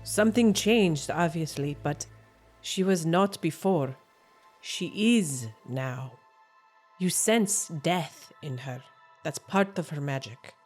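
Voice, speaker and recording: Woman as a wise elder witch, grave and measured, slow delivery. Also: sits low, expressive, darkish tone, soft background music, pitched below the performer's own voice, exaggerated voice. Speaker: game master voicing a character.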